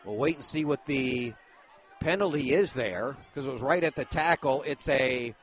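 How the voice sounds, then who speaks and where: A man calling high school football play-by-play, brisk and steady, bursting into shouts on big plays. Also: muffled recording. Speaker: play-by-play announcer.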